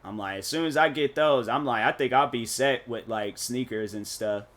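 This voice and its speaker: Bright-voiced man rambling on stream. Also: mid-range voice, moderate pace. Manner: rambling, slangy and joking. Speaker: gaming streamer. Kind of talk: casual live-stream chat while playing.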